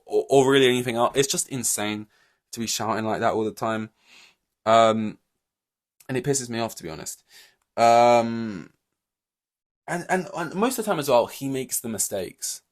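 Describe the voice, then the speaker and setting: A man's voice: mid-range voice, moderate pace, long pauses. Exasperated rambling man. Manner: exasperated, rambling, many fillers and restarts. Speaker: podcast host. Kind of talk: solo podcast rant.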